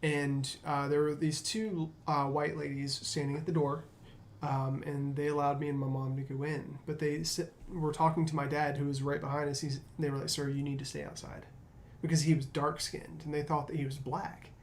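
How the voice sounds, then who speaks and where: A man's voice: on the high side, flat delivery, normal speed, a little hiss or hum. A man hosting a casual discussion, reflective and storytelling, with frequent fillers. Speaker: podcast host.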